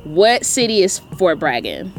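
Podcast guest, Southern woman from North Carolina, low voice, animated storyteller. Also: a little slow, faint music behind. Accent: Southern American. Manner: animated storytelling, acting out quotes. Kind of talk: casual chat.

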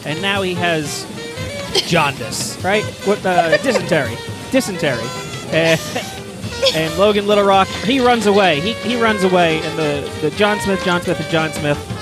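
A man's voice: high voice, moderate pace. A man co-hosting a comedy podcast, telling a crude rambling story with lots of swearing and exasperation. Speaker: podcast co-host. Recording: loud free jazz music behind.

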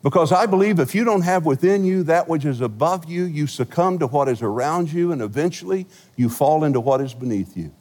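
A male senior pastor preaches a sermon in a large church sanctuary, telling stories with humor and big swings in loudness. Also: fairly high pitch, lively intonation, fairly quick, hardly any pauses, long reverb tail.

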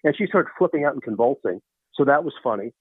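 Animated rambling man on a tinny line. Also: medium pitch, quick pace, slightly rough, dry recording. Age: 50s. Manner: rambling, animated, many restarts. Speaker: guest storyteller. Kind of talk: casual anecdote telling.

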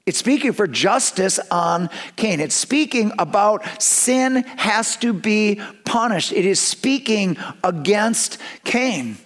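A man's voice: sits high, animated, takes it slowly, hardly any pauses, a bit bright. A man preaching a sermon, earnest and conversational, speeding up in his asides. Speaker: pastor.

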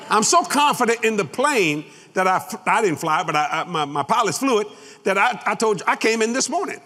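A man's voice: sits high, bright, forceful tone. A man preaching a sermon, folksy and boastful, laughing at his own lines. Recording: long hall reverb.

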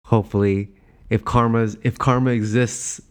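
A man's voice: medium pitch, fairly even intonation, normal speed, a little mellow, smooth. A young man hosting a podcast, chatting casually with plenty of fillers. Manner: laid-back, chatty with many fillers. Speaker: podcast host. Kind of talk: casual chat.

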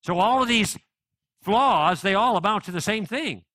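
Bright, forceful male lecturer. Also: high voice, expressive, moderate pace, dry recording. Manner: conversational and persuasive, with rhetorical questions. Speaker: Christian apologetics speaker. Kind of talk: live apologetics lecture.

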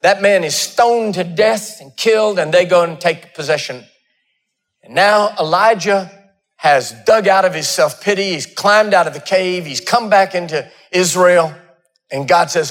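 Preacher with a high voice. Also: male voice, animated, normal speed, a bit bright. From Texas. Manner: storytelling, acting out dialogue with wide swings in pitch. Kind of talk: sermon.

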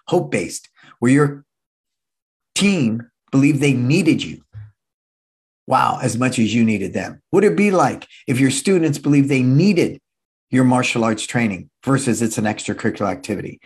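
Husky sixty-year-old man giving an energetic seminar talk. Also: mid-range voice, moderate pace. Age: 60s. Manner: energetic, repeats key phrases, acts out quoted voices. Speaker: martial arts school owner and speaker.

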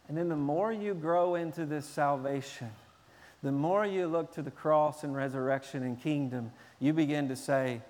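A man preaching a sermon in an animated way, at times acting out shouting children. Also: fairly high pitch, moderate pace, long reverb tail. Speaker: pastor.

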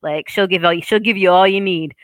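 A woman's voice: lowish voice, brisk, no echo. A woman from Boston hosting a podcast in casual chat, playful and laughing often. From Boston, Massachusetts. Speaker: podcast host.

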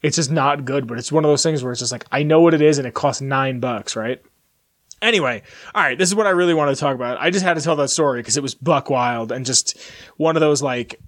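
A man's voice: fairly high pitch, a bit bright, dry recording, studio quality. A man hosting a podcast, telling stories in a rambling, casual way and swearing freely. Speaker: podcast host. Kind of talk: casual chat.

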